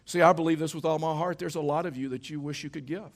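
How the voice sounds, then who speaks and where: A middle-aged male pastor delivering a sermon, with a voice pitched a bit above the usual for a man. He speaks conversationally, drifting into everyday stories and checking in with the congregation through rhetorical questions. The setting is a church service. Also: fairly even intonation, fast talker.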